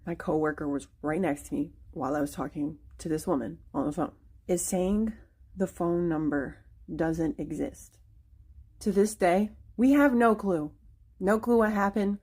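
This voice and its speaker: A woman's voice: lowish voice, unhurried, dark tone, slightly rough. A woman casually recounting a phone call with a ghost, hesitating and repeating words. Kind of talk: casual storytelling.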